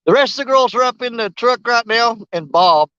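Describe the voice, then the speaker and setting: Fishing vlogger, high bright voice, loose folksy rambling, dull lo-fi outdoor sound. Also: male voice, lively intonation, a little fast, clean tone, no echo. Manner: joking, rambling, laughs often, folksy. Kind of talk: casual fishing vlog monologue. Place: outdoors on a riverbank.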